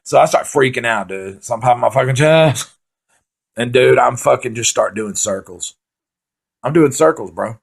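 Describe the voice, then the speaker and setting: A man doing profane, rambling comic storytelling, excitably acting out his own panic. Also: medium pitch, moderate pace, gravelly, husky. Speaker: stand-up comedian.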